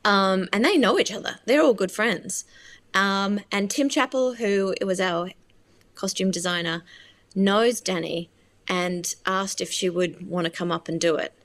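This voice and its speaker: Chatty woman, halting and emotional. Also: mid-range voice, a bit bright. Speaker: filmmaker being interviewed. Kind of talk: casual interview conversation.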